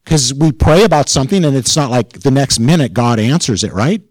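A male pastor preaching in a relaxed, conversational way, his voice sitting at an ordinary mid pitch. The sound is close and dry, with almost no room around it. He turns more intense when he drives a point home. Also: fairly quick, no room sound, low-quality recording. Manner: informal and chatty, rising in intensity as he stresses a point. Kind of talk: conversational sermon.

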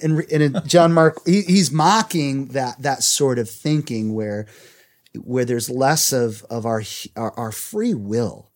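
A man's voice: medium pitch, takes it slowly. Earnest man co-hosting a faith podcast. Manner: earnest, reads quotes aloud. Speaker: podcast co-host.

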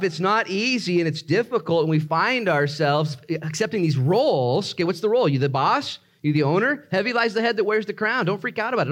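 A male pastor delivering a sermon to his congregation. His voice sits a bit higher than most men's, and he swings from hushed, slow prayer to lively, animated exclamations. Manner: animated preaching, shifts between quiet prayer and high excited exclamations.

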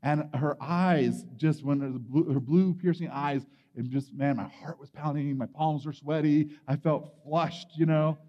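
Animated man telling a story in a hall. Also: on the high side, a little slow, hardly any pauses, lo-fi sound. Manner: animated storytelling, acting out his younger self with shouts. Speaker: camp speaker. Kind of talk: youth sermon with personal story.

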